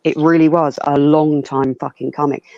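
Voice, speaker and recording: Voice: mid-range voice, level tone, moderate pace, dark tone, no room sound. A blunt, swearing panelist vents at length in a casual live stream chat. The sound is dull and lo-fi over a video call, and very dry, with no room around it.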